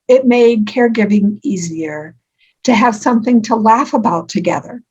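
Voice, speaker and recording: An older woman being interviewed as an author, telling stories warmly with frequent ums and laughs. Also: fairly high pitch, a little slow, slightly rough, muffled recording. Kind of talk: conversational interview.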